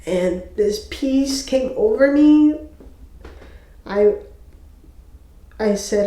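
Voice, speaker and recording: A young woman talks to camera in a personal faith testimony, emotional and halting, often pausing and restarting. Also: mid-range voice, dark tone. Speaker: faith video host. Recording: echoey room.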